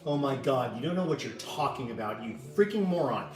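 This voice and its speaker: A man hosting a playful live cooking chat in a home kitchen, gruff and mock-irritable, cursing freely. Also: medium pitch, lively intonation, brisk, darkish tone, roomy sound, recorded from a distance, faint music behind. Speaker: cooking show host.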